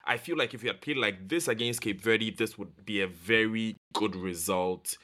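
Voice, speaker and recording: A man's voice: on the low side, moderate pace, sharp tone. A man discussing football results as a pundit on a podcast, then reading scores in a commentator's manner.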